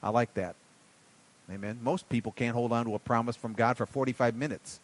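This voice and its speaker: A man preaching a sermon in a folksy way, swinging from quiet asides to loud emphatic bursts. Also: medium pitch, fairly even intonation, fairly quick. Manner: folksy, calls listeners buddy and darling. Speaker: pastor.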